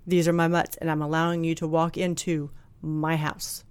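A woman telling a personal story in a candid, blunt, animated way, acting out what people said. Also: sits low, normal speed, smooth, no echo. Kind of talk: casual storytelling chat.

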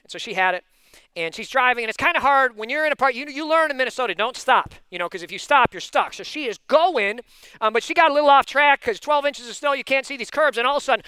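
A man preaching a sermon, telling a personal story in an animated, chatty way, full of asides and sudden loud bursts. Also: extremely high pitch, fast talker, no room sound. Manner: animated and intense, given to loud outbursts. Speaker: pastor.

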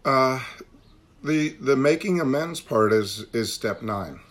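A man's voice: mid-range voice, lively intonation, takes it slowly, fairly bright tone. A man leading a recovery meeting on a call, talking earnestly and repeating phrases for emphasis. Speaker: meeting leader.

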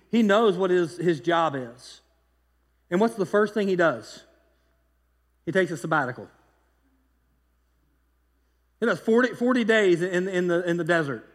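A pastor preaching a sermon in a loose, conversational way, telling stories with lively energy and frequent restarts. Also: male voice, high-pitched, big-room sound. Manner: conversational, animated storytelling with repeated restarts.

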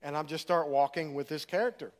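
A man's voice: a little high, fairly even intonation, fast talker. A middle-aged man preaching in a church, telling his story in a casual, conversational way. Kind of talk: sermon testimony.

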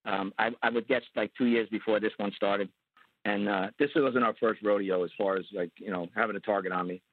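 A man from New York telling a story as an interview guest, animated and acting out the voices of other people. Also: lowish voice, fairly quick, slight background noise. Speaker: guest, former undercover agent. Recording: tinny phone-like line.

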